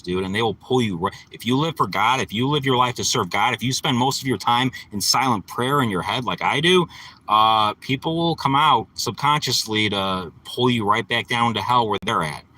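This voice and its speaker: Man, car vlog, angry profane rant, bright edgy tone, phone mic in a small car. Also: lowish voice, rough recording. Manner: profane, agitated ranting. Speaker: vlogger. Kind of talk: ranting vlog from his car. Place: inside a parked car.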